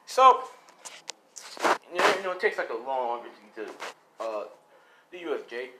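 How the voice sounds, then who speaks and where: A man's voice: mid-range voice, very animated, measured pace, very noisy. A man casually narrating an improvised fan story in a loose, rambling way with swearing.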